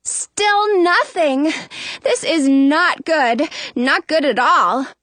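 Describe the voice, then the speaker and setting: A woman narrating a children's story in first person with an expressive, anxious tone. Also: high voice, very slow, no room sound. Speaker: audiobook narrator.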